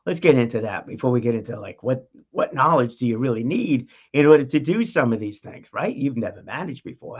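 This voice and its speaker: A man's voice: mid-range voice, lively intonation, fairly quick, few pauses, slightly rough, muffled recording. A man hosting a talk show, giving an emphatic motivational monologue straight to the listener in a coaching tone. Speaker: podcast host.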